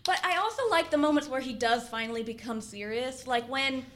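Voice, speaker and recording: A young woman co-hosting a casual podcast, chatty and quick to laugh. Her voice sits a bit high. She fills her talk with loose, rambling asides. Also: fairly bright tone. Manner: chatty, laughing, lots of fillers. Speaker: podcast co-host.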